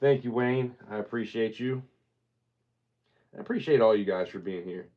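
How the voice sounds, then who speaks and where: A man's voice: on the low side, moderate pace, highs cut off. A man hosting a live-stream auction, chatting in a laid-back way and thanking his viewers often.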